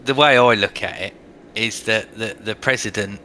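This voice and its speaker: A man's voice: fairly low pitch, normal speed, sharp tone, slight background noise. A man with an English accent in casual, blunt, joking chat as a podcast co-host. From England. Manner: blunt, swearing, bantering.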